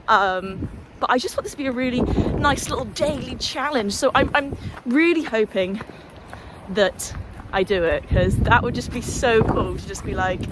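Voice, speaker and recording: A woman chatting casually and swearing freely as she vlogs a hill walk outdoors, holding the camera herself. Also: mid-range voice. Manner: chatty, sweary, self-deprecating. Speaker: hiking vlogger. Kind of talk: casual vlog chat while walking. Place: windy hillside outdoors. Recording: windy outdoor noise.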